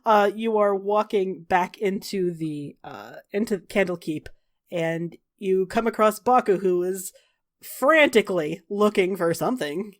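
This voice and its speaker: A woman's voice: mid-range voice, a little slow. A woman running a tabletop game as game master, narrating with wry, dry asides and casual swearing.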